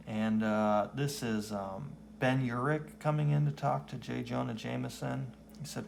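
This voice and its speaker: A man's voice: medium pitch, steady tone, unhurried, creaky, hardly any pauses, a little mellow, slight background noise. A man co-hosting a podcast, casually recapping a comic and cracking wry remarks. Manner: wry, chatty. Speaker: podcast co-host. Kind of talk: casual comic-book recap, reading panels aloud.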